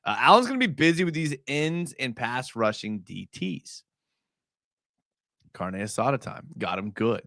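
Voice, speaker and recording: A young man hosting a casual live stream. He breaks down game film in a chatty way, full of fillers, and gets excited as he talks. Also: mid-range voice, unhurried, creaky, dry recording, studio quality.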